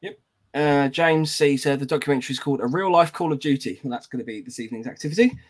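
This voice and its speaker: A man's voice: medium pitch, fast. A British man co-hosting a casual podcast, reading out live chat comments and laughing often.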